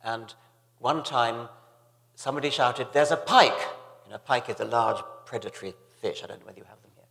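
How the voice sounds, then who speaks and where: An older man telling anecdotes as a guest on a stage, halting and dryly humorous, with many restarts. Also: mid-range voice, vocal fry, fairly bright tone. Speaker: guest author. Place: stage in a large hall, live audience. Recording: reverberant hall with audience.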